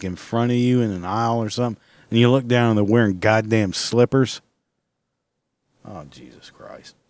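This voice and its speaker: A man's voice: fairly low pitch, no echo. Exasperated man in a profane rant. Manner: exasperated, swears constantly, loud outbursts.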